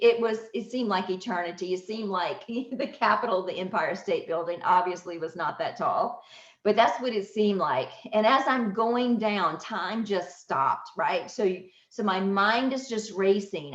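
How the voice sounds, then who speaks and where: A woman hosting a podcast, telling a personal story with lively laughter and acted-out voices. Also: mid-range voice. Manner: animated, laughs often, acts out voices. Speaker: podcast host. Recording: roomy, slightly dull audio.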